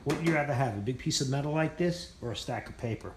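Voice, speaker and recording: A man's voice: medium pitch, lively intonation, fast talker, roomy sound, noisy background. A man rambling casually through a vlog tour of his machine shop, self-mocking and swearing freely. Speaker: channel host showing his machine shop.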